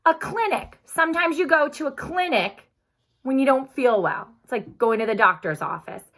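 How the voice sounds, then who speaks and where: A woman teacher giving a phonics lesson, patient and encouraging, speaking slowly and clearly. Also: high-pitched, expressive, fairly bright tone.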